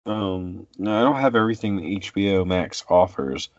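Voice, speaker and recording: Deep-voiced man chatting casually. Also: dry recording, highs cut off. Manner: rambling, halting, many fillers and restarts. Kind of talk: casual chat.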